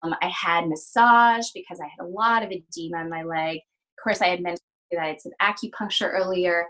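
A woman's voice: fairly low pitch, a little fast, a bit bright, low-quality recording. A middle-aged woman, a physical therapist, telling an emotional personal story in a podcast interview, earnest and full of fillers and restarts as she acts out the dialogue. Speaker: physical therapist and practice owner, podcast guest.

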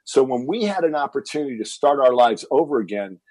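A man's voice: medium pitch, fairly quick, no echo, rough recording. A man telling a personal story as a podcast guest, acting out what his family said. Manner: animated, acts out quoted family dialogue.

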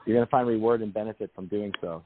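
A man hosts a call-in psychic show, talking fast and in a reassuring way. He keeps repeating his phrases. The sound is thin and phone-like. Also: lowish voice, fairly even intonation, no room sound. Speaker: psychic radio host. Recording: tinny phone line.

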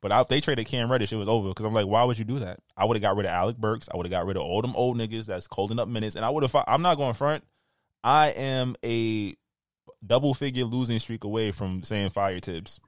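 A man with a New York accent, co-hosting a podcast with animated, profane ranting in casual banter. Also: fairly low pitch, fairly quick, no room sound, studio quality. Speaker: podcast co-host.

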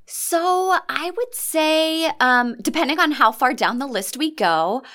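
A woman's voice: sits high, expressive, slow pace, bright, forceful tone. Upbeat, blunt female podcast co-host. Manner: upbeat, blunt, laughs easily. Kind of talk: casual chat.

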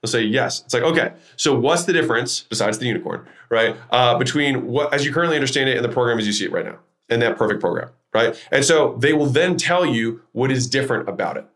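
A man hosting his own podcast, teaching sales techniques in an emphatic, energetic way, shifting his tone and pace to make points. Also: mid-range voice, fast, hardly any pauses. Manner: energetic, emphatic, varies tone to demonstrate. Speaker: podcast host.

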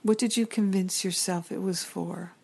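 A woman's voice: medium pitch, fairly even intonation, moderate pace, creaky, darkish tone, slightly rough. A middle-aged woman giving an earnest, reflective spiritual teaching talk as a teacher and counselor. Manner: earnest, reflective, builds long lists.

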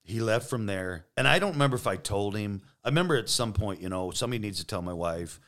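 Profane low-voiced man telling a story. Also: quick pace. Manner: profane, animated storyteller, acts out quotes. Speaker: podcast guest, police detective. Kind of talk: casual storytelling.

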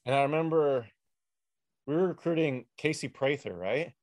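A man's voice: on the high side, moderate pace, a little mellow, no echo, clean studio sound. A young man, a former player hosting a podcast, telling stories casually with lots of "like". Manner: laid-back storytelling, many "like"s. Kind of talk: casual chat.

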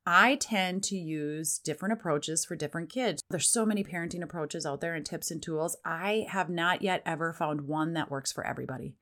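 A woman's voice: sits low, brisk, few pauses, fairly bright tone. A woman hosting a parenting podcast, chatting casually and acting out parent lines in a raised voice. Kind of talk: casual solo podcast talk.

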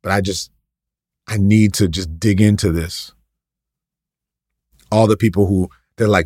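A man's voice: deep voice, steady tone, measured pace, long pauses, darkish tone, slightly rough, dry recording, clean studio sound. A man preaching an impassioned, ranting sermon, full of repetition and rhetorical questions.

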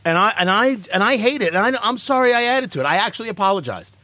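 Man, talk host, lively pitch, sarcastic, casual banter, dry close sound. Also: no room sound. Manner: animated, sarcastic, quick asides.

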